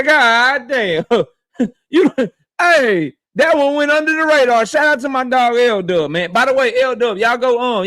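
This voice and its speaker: Reading chat on his boxing live stream, a man riffs loosely and trash-talks with plenty of profanity and slang. He speaks in a very high-pitched, fairly bright voice.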